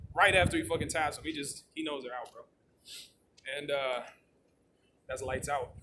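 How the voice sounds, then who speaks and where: A man chatting casually as host, rambling with heavy swearing and lots of fillers. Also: on the high side. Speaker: channel host. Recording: loud background noise with clicks.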